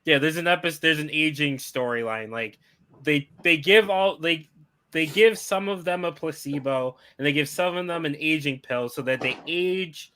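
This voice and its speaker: A man's voice: on the high side, normal speed, pushed and bright, clear, resonant tone. A man co-hosting a podcast, chatting casually and rambling with lots of "like" and "um". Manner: rambling, hedging with "like" and "um". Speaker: podcast co-host. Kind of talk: casual chat.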